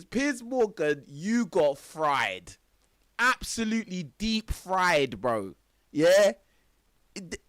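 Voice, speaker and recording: High, lively young streamer. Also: male voice, no room sound, studio quality. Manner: laughing, exclamatory, heavy slang. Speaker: live streamer reacting to clips. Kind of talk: excited reaction commentary.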